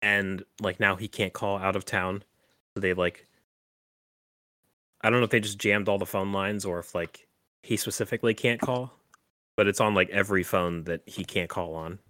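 A man's voice: low-pitched, fairly even intonation, moderate pace, pauses often, pushed and bright, dry recording. A man hosting a podcast, recapping a horror film in casual chat, full of "like" and "um". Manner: rambling, filler-heavy with frequent "like" and "um". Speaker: podcast host.

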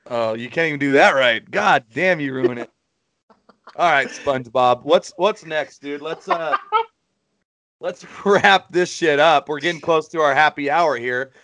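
A man's voice: on the high side, expressive, unhurried, a bit bright, no room sound. A man hosting a casual podcast, brash and mocking, swearing freely. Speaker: podcast host. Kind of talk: casual banter.

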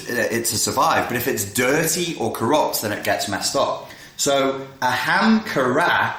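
Excitable man in a roomy echo. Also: mid-range voice. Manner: excitable, self-interrupting, jumps between tangents. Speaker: video creator explaining philosophy. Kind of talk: casual spoken explainer.

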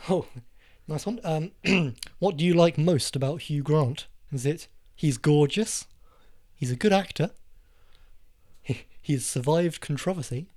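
A man's voice: fairly high pitch, a little mellow. A man co-hosting a casual film podcast, teasing his co-host as he reads out quiz questions. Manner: teasing, quizzes his co-host with quick asides.

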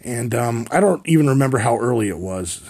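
A man in his forties tells a rambling comic story as a podcast host, wry and freely profane. His voice is gravelly with plenty of fry and a husky edge. He sits at an average pitch for a man. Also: expressive, fairly quick, a little mellow. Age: 40s.

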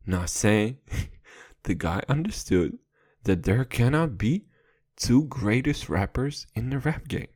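A hoarse man in his twenties ranting casually, profane, rambling and mock-dramatic. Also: mid-range voice, expressive, takes it slowly, a little mellow. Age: 20s. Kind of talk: casual comic rant.

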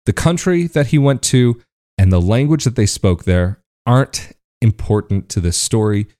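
A man's voice: lowish voice, expressive, normal speed, mellow. A man from the United States talking casually to camera as a video host, chatty and often laughing between points.

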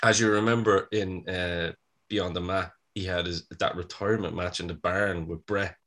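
A man's voice: low voice, fairly even intonation, moderate pace, a bit bright. A man in his fifties with an Irish accent, co-hosting a podcast and telling stories in a casual chat. He laughs often and swears freely. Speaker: podcast co-host.

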